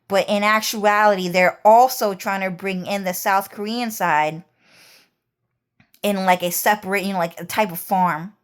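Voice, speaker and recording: A woman's voice: mid-range voice, fairly even intonation, moderate pace. Woman rambling in a casual monologue. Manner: repetitive, rambling, casual with swearing. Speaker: vlogger.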